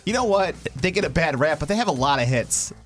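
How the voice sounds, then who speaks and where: A man co-hosting a radio morning show, telling stories in an animated, self-mocking way. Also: fairly high pitch, fast talker, soft background music. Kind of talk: casual radio banter.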